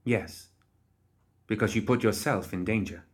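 A man reading the lines of a cold, composed woman necromancer in a quiet, clipped way. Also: lowish voice, unhurried, close to an everyday voice. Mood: curt.

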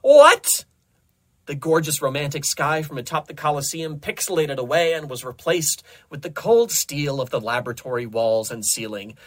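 A young man reading comedic fan fiction aloud in a dry, deadpan narrating voice. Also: a little high, normal speed, hardly any pauses. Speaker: host reading stories aloud.

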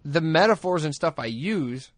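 A man's voice: fairly high pitch, expressive, normal speed, no room sound. A man co-hosting a casual podcast chat, jokey and rambling, often laughing. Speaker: podcast co-host.

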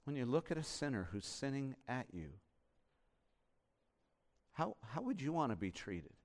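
A man preaching a sermon as pastor, impassioned, swinging from hushed and reflective to loud and urgent. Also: medium pitch, very animated, normal speed.

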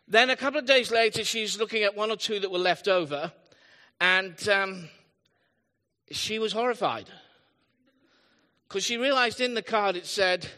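A man delivers a sermon in a high, bright, forward voice. He slips easily into stories and self-deprecating jokes, talking to the congregation as if chatting. The recording carries a long reverb from a church hall. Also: moderate pace, long pauses. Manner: chatty storytelling with asides and self-deprecating humor. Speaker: pastor. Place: church hall, live service.

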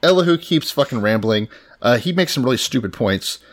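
A man's voice: medium pitch, animated, brisk. A man co-hosting a podcast in casual chat, dry and sardonic, with profane asides. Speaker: podcast co-host.

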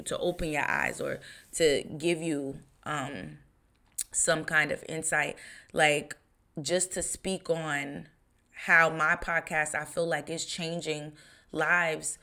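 A woman's voice: low-pitched, sharp tone. A woman in her thirties hosting a podcast, talking in a chatty, rambling way with lots of fillers. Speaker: podcast host. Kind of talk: casual podcast monologue.

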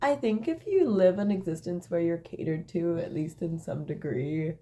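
A woman co-hosting a casual chat, giving blunt, opinionated takes and quick dry comebacks. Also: fairly low pitch, warm tone. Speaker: podcast co-host. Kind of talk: casual chat recapping a reality show.

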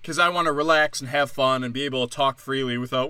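Young man ranting, bright dry voice. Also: mid-range voice, fairly even intonation, fast talker, clean tone, no room sound. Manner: angry, sarcastic, heavy swearing. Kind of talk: profane ranting monologue.

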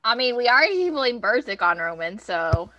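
A woman's voice: fairly high pitch, very animated, normal speed, pushed and bright, dull audio, a little hiss or hum. A woman co-hosting a podcast, chatting casually about a TV episode and quoting characters. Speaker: podcast co-host. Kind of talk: casual TV recap chat.

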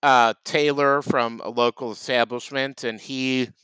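A man improvising a comedy sketch as a food vendor, deadpan. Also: medium pitch, measured pace, clean tone, no echo. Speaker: comedy podcast host.

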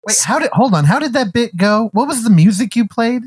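A man's voice: very high-pitched, animated, a little fast, breathy edge. A man co-hosting a podcast in casual chat, teasing the others, swearing and laughing often. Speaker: podcast co-host.

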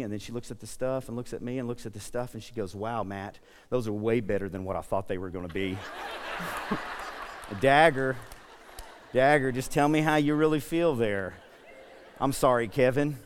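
Pastor preaching in a reverberant hall. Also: male voice, on the high side, clear, resonant tone. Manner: storytelling, self-deprecating humor, exhorting. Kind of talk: sermon. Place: church sanctuary. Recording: long reverb in a church hall.

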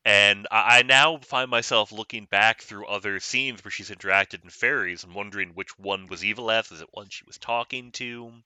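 A man co-hosting a casual book discussion podcast, joking wryly about the characters in quick asides. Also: fairly low pitch, bright, forceful tone, clean tone, dry recording. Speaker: podcast co-host.

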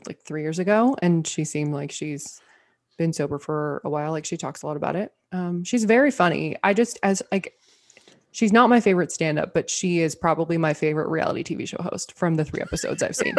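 A woman talks through a TV review in a loose, chatty way, stacking fillers and circling back on her points. Her voice sits a little low for a woman. It is a relaxed podcast conversation. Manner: chatty, rambling, lots of filler words. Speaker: podcast co-host reviewing TV shows. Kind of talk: casual chat.

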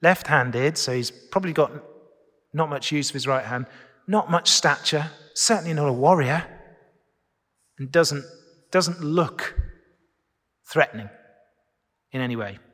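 High-voiced man preaching in a reverberant church. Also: unhurried, long pauses, fairly bright tone. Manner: chatty, often asks listeners questions. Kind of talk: conversational sermon. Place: church during Sunday worship. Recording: long reverb of a church hall.

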